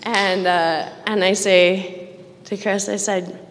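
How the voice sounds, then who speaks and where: A woman's voice: medium pitch, steady tone, takes it slowly, slight background noise. A woman giving a candid personal recovery testimony at a roundup, self-mocking and laughing between lines, speaking into a stage microphone. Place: large event hall. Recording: long hall reverb.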